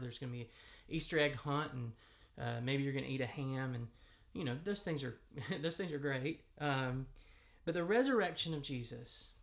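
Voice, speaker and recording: American male pastor, slightly high voice with gravelly edges, conversational sermon delivery with emphatic lifts. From United States. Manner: conversational preaching with emphatic rises.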